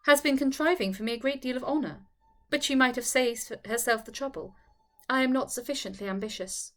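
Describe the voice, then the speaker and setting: A proud young widow, haughty and cutting in her replies, as a woman reading a classic novel puts her on. Her voice rides high and sharp. She speaks like a lady of good standing. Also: lively intonation, brisk, close to an everyday voice.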